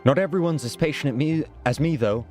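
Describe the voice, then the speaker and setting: A man voicing a rough-spoken male soldier for hire in a put-on Irish accent, halting and stumbling over his lines. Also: fairly high pitch, darkish tone, faint music behind, lightly acted. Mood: gossipy.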